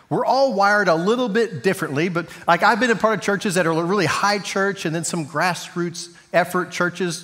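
A man's voice: high voice, a bit bright, big-room sound. A man preaching as a pastor in a church, with a casual, joking, conversational manner. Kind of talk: sermon. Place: church sanctuary.

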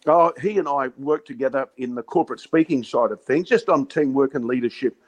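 On a low-quality recording, an Australian man in his sixties, once a cricket captain and now a guest from Western Australia, chats casually at a medium pitch and a slightly fast pace. He spins yarns, laughs plenty, and keeps calling people "mate."

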